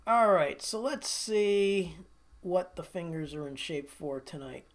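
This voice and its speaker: A man's voice: fairly high pitch, animated, slow. Chatty laughing man telling stories. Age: middle-aged. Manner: chatty storyteller, laughs often. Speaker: guitarist hosting a livestream. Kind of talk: casual livestream chat.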